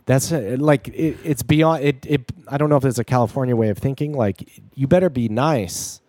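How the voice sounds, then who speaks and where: Man, relaxed conversational guest, halting delivery with restarts, dry sound. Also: medium pitch, dry recording. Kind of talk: casual chat.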